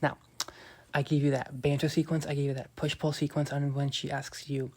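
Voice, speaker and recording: A dating-coach podcast host delivers a coaching monologue in a mid-range, slightly mellow voice, brisk but flat. He's emphatic, cocky, and profane, swearing and hammering his points home while repeatedly calling his listeners "you guys."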